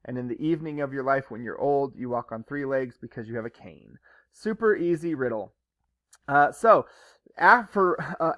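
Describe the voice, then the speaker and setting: A male teacher casually retelling a story for his class, chatty and joking, dropping into quick voiced asides. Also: fairly high pitch, a bit bright, no room sound, lo-fi sound.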